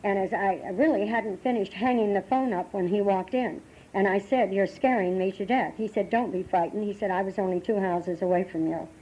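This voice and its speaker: An older American woman sharing her recovery story at a meeting, halting and emotional, with many restarts, on a dull lo-fi tape from the 1980s. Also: mid-range voice, dark tone. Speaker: AA meeting speaker. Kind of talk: personal recovery talk.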